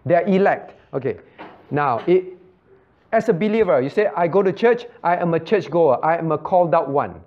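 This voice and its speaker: A man's voice: on the high side, expressive, moderate pace, darkish tone. A male pastor teaching a Bible study. He repeats key phrases and quizzes his listeners by name. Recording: muffled lo-fi recording.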